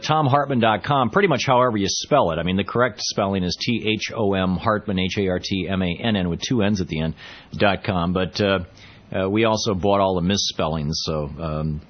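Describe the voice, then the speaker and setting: A man's voice: fairly low pitch, lo-fi sound. A man hosting a radio talk show, chatting casually and wryly with lots of fillers and asides. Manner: chatty, wry, rambling with many fillers.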